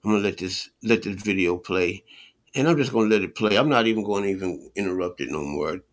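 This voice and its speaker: A man's voice: deep voice, quick pace. A man streaming a reaction to a video, talking with heated scorn, repeating himself and swearing. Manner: scornful, repetitive, swears a lot.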